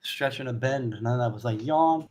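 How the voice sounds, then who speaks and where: A man's voice: medium pitch, steady tone, a little fast. A man narrating a tabletop game as game master, casual and a bit hesitant.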